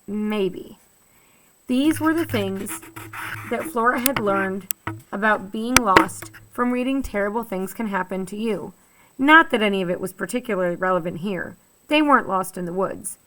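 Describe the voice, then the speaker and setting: A woman teacher reading a children's novel aloud, lively and expressive, giving each character a voice. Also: mid-range voice, normal speed, a little hiss or hum, low-quality recording. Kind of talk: storybook read-aloud.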